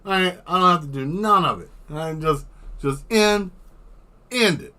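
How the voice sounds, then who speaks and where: A man's voice: high voice, unhurried, bright, forceful tone. A man chatting casually on a livestream while drawing, rambling into exaggerated comic rants and swearing freely. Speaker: artist streaming while drawing.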